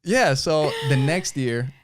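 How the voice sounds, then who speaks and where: A young man with a New York accent, telling a profane, animated story in casual podcast chat and acting out the quotes. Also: a little high, slow pace, no echo, studio quality. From New York (Queens). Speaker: podcast host.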